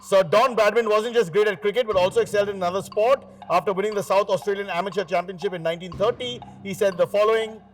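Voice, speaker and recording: A man's voice: high voice, steady tone, fast talker, few pauses, soft background music. A man hosting a quiz show, teasing the teams with joking asides between questions. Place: TV studio.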